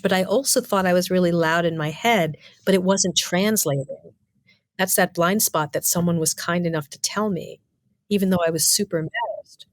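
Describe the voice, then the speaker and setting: Low-voiced woman explaining with emphasis. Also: no room sound. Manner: clear, emphatic explaining with lists and rhetorical questions. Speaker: communication lecturer. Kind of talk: interview answers.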